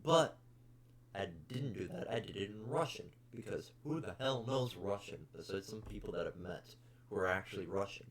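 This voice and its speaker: A young man with a fairly low pitch and normal speed rants about customers on his casual podcast. He tells the story bluntly, sounding exasperated and cursing often.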